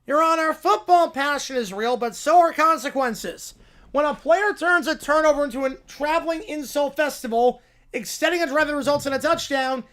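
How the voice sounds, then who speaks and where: A man's voice: very high voice, fairly bright tone. A man voicing an earnest, grandstanding male lawyer who makes a formal courtroom argument in a comic skit. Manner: formal, oratorical.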